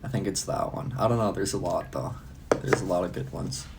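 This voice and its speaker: A man's voice: low voice, fairly quick, gravelly, heavy background noise. A young man chatting casually on a live stream, loose and profane, laughing often. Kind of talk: casual live-stream chat answering comments.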